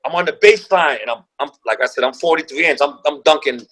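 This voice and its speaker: A man's voice: a little high, fast talker, a bit bright, poor audio. A man guest telling a story with slang and profanity, acting out the quoted voices of other people. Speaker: guest, former pro basketball player. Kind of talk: animated storytelling.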